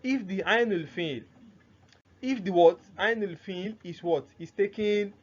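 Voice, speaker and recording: A man's voice: sits high, unhurried. A man teaching Arabic grammar in a classroom-style lesson, who keeps asking "what?" and answers himself, repeating the key terms. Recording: muffled lo-fi sound, faint noise.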